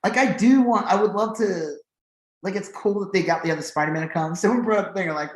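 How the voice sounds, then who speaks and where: A man with a high voice and fast delivery co-hosts a podcast, rambling through casual chat with many fillers and turning animated when something excites him, all in an echoey room.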